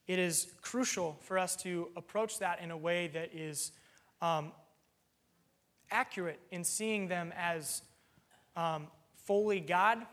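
A man delivers a sermon in an earnest, teaching manner, pausing now and then with an "um". His voice sits high for a man. The sound carries a long reverb from a large hall. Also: fairly bright tone. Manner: earnest, explaining with plain examples, occasional "um". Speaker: preacher.

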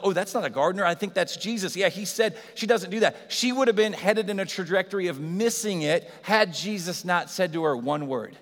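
A pastor delivering a sermon, his somewhat high voice swinging between loud urgency and hushed softness. The long reverb of a large church hall trails behind each phrase. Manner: dynamic preaching, loud and soft by turns. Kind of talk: Easter sermon.

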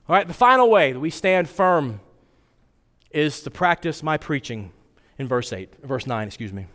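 A man preaching a sermon, telling stories casually and acting out quoted lines with big jumps in voice. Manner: animated storytelling, acts out quotes with pitch jumps. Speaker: pastor. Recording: long hall reverb.

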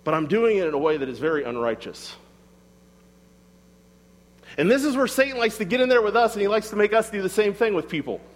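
A man's voice: high-pitched, animated, fairly quick, pauses often. Guy preaching, chatty and emphatic, voice jumps all over, big hall echo. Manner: conversational, emphatic, rhetorical questions. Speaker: pastor. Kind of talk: sermon.

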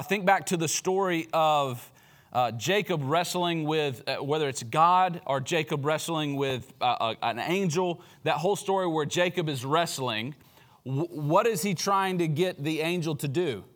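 A man's voice: fairly high pitch, fairly bright tone. A man preaching as pastor, talking through a Bible passage in a loose, conversational way with frequent fillers and restarts. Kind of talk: sermon.

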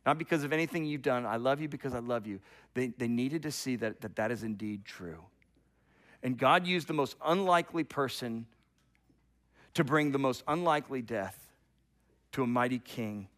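A middle-aged pastor with a mid-range voice preaches a sermon, relating the story with animation. He alternates between loud passages and hushed ones and frequently repeats words when starting a thought.

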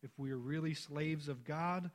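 Emphatic pastor preaching. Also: male voice. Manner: builds to emphatic repeated questions, then drops low and slow. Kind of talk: sermon.

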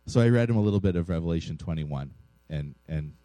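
A man's voice: low voice, lively intonation, fast talker, dark tone, dry recording. A man in his thirties preaching an informal, conversational sermon, mixing personal stories with teaching and often checking in with "right?" asides. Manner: informal, self-deprecating, frequent "right?" asides. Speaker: pastor.

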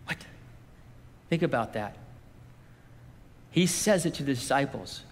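A man's voice: medium pitch, animated, measured pace, long pauses, a little hiss or hum. A man preaching a sermon as pastor, talking conversationally and acting out what God and others say. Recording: long hall reverb.

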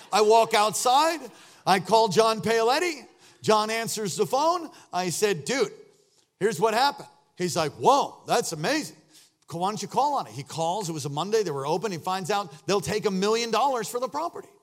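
High-voiced preacher man, hushed to shouting. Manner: storytelling, swings from hushed to shouting. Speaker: pastor. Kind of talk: sermon.

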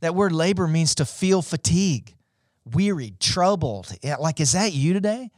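A man preaching a sermon, impassioned and speaking straight to online viewers, rising to high, urgent peaks. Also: lively intonation, moderate pace, darkish tone, no echo, clean studio sound. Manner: addresses online viewers directly. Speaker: pastor.

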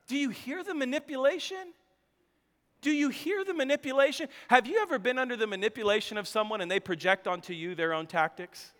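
Man, pastor, sermon, bright crisp voice, dramatic storytelling, jokey asides, long church-hall echo. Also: very high-pitched, fairly quick.

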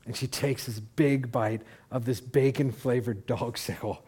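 A middle-aged male pastor preaching a sermon, telling a story in a casual, animated way with asides and restarts. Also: medium pitch, measured pace, slightly rough.

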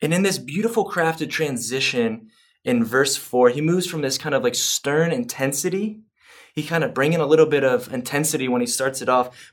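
A man preaching to a church, earnest and growing excited as he explains scripture, with some fillers. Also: medium pitch. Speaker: pastor. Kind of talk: sermon.

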